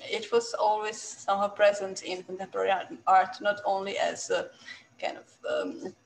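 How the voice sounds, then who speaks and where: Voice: medium pitch, little pitch movement, normal speed, creaky, a little hiss or hum, rough recording. A museum curator, moderating a Q&A with long, hesitant questions full of fillers. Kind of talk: asking questions after a lecture.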